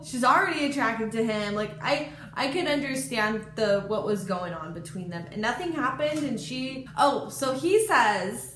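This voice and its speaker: A woman chattily retelling a book in a casual vlog, animated and exclamatory, with lots of "like" as filler. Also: on the high side, moderate pace, hardly any pauses. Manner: chatty retelling, heavy use of "like". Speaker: book vlogger. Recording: echoey room with faint noise.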